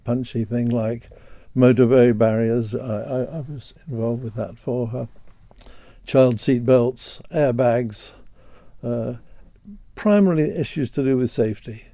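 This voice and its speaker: A man's voice: medium pitch, dark tone, no echo. An older man talking as a guest in a radio interview, hesitant and often repeating words as he starts a thought.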